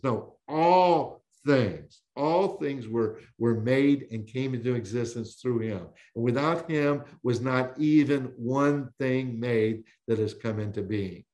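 A man's voice: mid-range voice, darkish tone. Emphatic man teaching scripture. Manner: emphatic preaching cadence with many restarts. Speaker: guest Bible teacher. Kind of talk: podcast Bible teaching.

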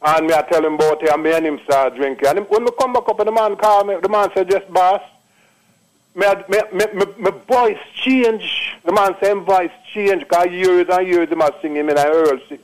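A man in his late sixties with a Jamaican accent calls in to give casual phone testimony, telling a long story that's repetitive and emphatic. His voice is high, and the audio quality is poor.

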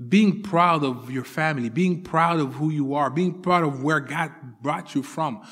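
A man preaching a sermon with earnest conviction, repeating his key phrases for emphasis. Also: a little high. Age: adult father of four children. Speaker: pastor. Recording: long hall reverb.

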